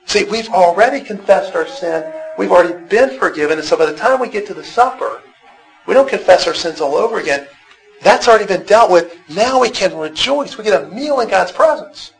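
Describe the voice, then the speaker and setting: A man's voice: high-pitched, animated, fairly quick, vocal fry, low-quality recording. A man teaching a Bible class, talking conversationally, asking the group questions and often repeating words as he restarts. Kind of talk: interactive church class lecture.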